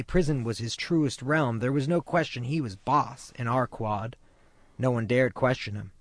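Guy reading his prison memoir, steady mid voice, dry close sound, somber and measured. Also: mid-range voice, no room sound. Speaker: narrator. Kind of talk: first-person memoir narration.

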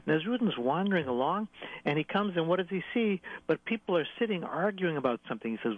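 A man's voice: fairly high pitch, quick pace, no room sound. Guy telling folk stories over the phone, tinny and dry, voice bouncing all over, playful. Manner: playful, lively, with sound effects. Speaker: storyteller. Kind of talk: oral folk storytelling.

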